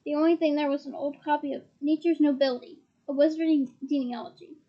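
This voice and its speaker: A woman's voice: sits high, steady tone, fast, lo-fi sound. A woman reading a fantasy novel aloud, narrating steadily and with expression. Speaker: reader.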